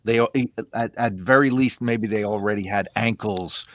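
A man co-hosting a casual talk, speaking hesitantly with many pauses and restarts. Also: on the low side, fairly bright tone, no echo, studio quality. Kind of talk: casual chat.

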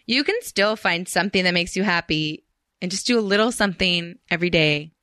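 Bright-voiced playful woman podcast guest. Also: on the low side, brisk, no room sound, clean studio sound. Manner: playful, joking, earnest encouragement. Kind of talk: casual podcast chat.

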